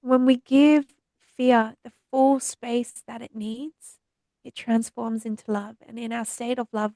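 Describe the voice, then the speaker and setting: A woman guest on a podcast, teaching about healing in a slow, soothing, meditative cadence. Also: fairly high pitch, flat delivery, mellow, no echo. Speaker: podcast guest, trauma healer. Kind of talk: spiritual teaching in conversation.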